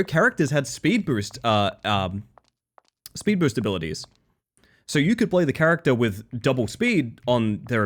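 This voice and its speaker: An Australian man streaming a game, chatting casually with his viewers and often breaking off and restarting his sentences. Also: a little high. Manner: rambling, self-interrupting, casual swearing. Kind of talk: casual live-stream chat.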